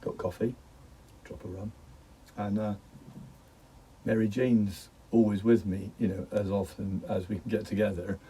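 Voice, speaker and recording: A middle-aged man rambles through a casual vlog, joking and laughing as he drifts between topics. His voice is mellow and slightly husky. He sits a bit back from the microphone. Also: on the low side, little pitch movement, measured pace, long pauses, distant mic, low-quality recording. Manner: jokey, laughs often, wanders off topic. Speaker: vlogger.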